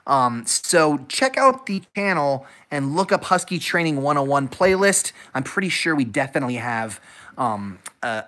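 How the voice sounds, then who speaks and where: A man hosting a casual dog-training livestream, upbeat and energetic, chatting with viewers and praising his dog. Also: medium pitch. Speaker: dog-training channel host.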